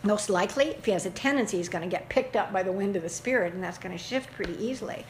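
A woman giving casual, folksy advice to a caller, animated and emphatic, often laughing as she talks. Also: mid-range voice, quick pace, a little hiss or hum. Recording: echoey room with faint ambience.

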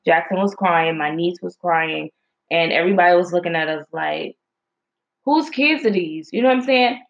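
A woman's voice: fairly low pitch, fairly quick, gravelly. Young mom rambling to her followers, slangy, lots of likes and ums, kinda muffled lo-fi audio. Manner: chatty, animated, slangy, many fillers. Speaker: mom vlogger. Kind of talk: casual storytelling to viewers. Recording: slightly dull lo-fi audio.

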